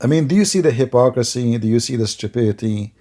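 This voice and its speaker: A man's voice: medium pitch, animated, fast, warm tone. Scornful man mocking a video. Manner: sarcastic, scornful, laughs often. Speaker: commentator.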